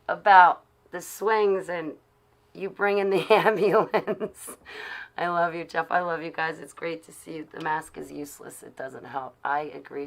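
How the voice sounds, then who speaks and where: A woman live-streaming to her chat from her car while driving, talking casually and sarcastically in a ranting way. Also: sits low.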